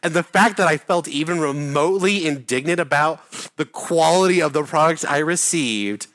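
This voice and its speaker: A man's voice: fairly high pitch, normal speed, a bit bright. A man telling a rambling story in casual chat, full of fillers, restarts and swearing.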